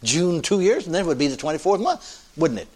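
Older male preacher, folksy and animated sermon, fairly high voice that swoops widely. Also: a little fast. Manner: folksy, animated, laughing often with the congregation.

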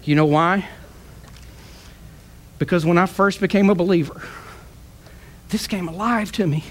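A man preaching with fervor, his voice sitting high and climbing into shouts before falling back to a soft, tearful tone. He delivers a sermon to a congregation, pressing each point with emotion. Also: a little slow. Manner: impassioned, rising to shouts then dropping soft. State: tearful at times.

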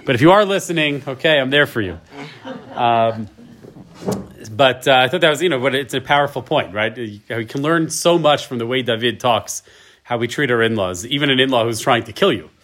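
Reading each verse in Hebrew and then translating it, a man in his thirties teaches a relaxed Torah class. His mid-range voice has a fairly bright tone, and he's chatty, constantly asking "right?".

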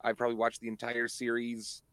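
A man guesting on a podcast, relaxed and casual, often starting with "uh". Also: medium pitch, brisk, no room sound.

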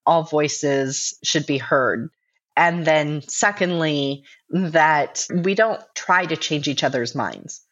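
A woman speaking as an interview guest, explaining in a measured, earnest way. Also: deep voice, fairly bright tone. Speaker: guest, director of a civic organization. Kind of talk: interview conversation. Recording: dull lo-fi remote audio.

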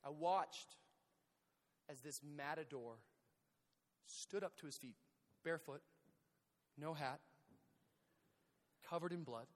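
A man preaching a sermon, telling a story in an animated way, acting out scenes with shouts and sound effects. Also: a little high, takes it slowly, long pauses. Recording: long hall reverb.

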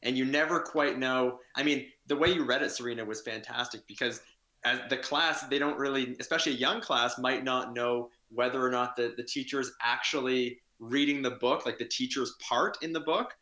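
Bright-voiced man musing in an echoey room. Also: mid-range voice, normal speed. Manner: thoughtful, musing with restarts. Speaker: podcast co-host. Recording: roomy echo.

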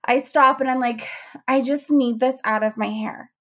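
A young woman, a podcast host, telling a story in casual chat, animated and laughing often as she acts out what people said. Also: high voice, moderate pace. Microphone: podcast mic.

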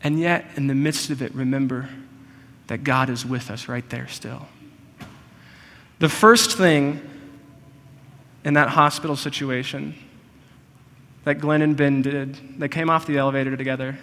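A male pastor delivering a sermon in an earnest, personal way. His voice sits in the middle range, and he often slows right down on key phrases. The sound carries a long reverb, as in a large hall. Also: mid-range voice, fairly bright tone.

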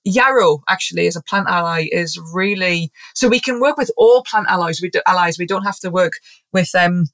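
As a podcast guest in a casual conversation, this zoologist and shamanic practitioner speaks earnestly, rambling and frequently starting over while acting out the voices she quotes. Her voice sits on the low side, a bit bright, at a normal speed.

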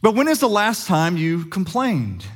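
A middle-aged man preaches a sermon, talking to his congregation like a friend and tossing them questions. His voice sits slightly high and rises and falls with plenty of life, leaning into jokes as he goes. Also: huge pitch swings, a little slow. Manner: conversational, humorous, asks the congregation questions. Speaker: pastor.

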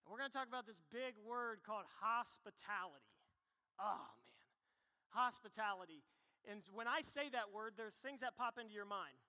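A man preaching a sermon, telling personal stories and acting out his younger self in an animated way. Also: sits high, moderate pace. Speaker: pastor. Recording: long hall reverb.

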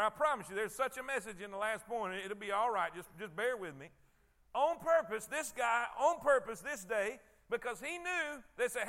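A man preaches a conversational sermon, often doubling back on his words. His voice sits very high and sounds bright and forceful. He keeps turning to the congregation to check that they are following. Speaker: pastor.

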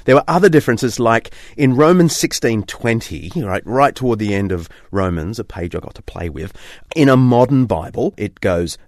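A man's voice: mid-range voice, big pitch swings, normal speed, no echo, clean studio sound. A man presenting and narrating a documentary as an enthusiastic, chatty explainer.

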